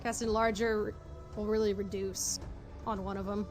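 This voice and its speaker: A woman's voice: medium pitch, flat delivery, moderate pace, faint music behind. Casual, laughing woman player. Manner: casual, laughing, swears freely. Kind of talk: playing a tabletop game, live stream.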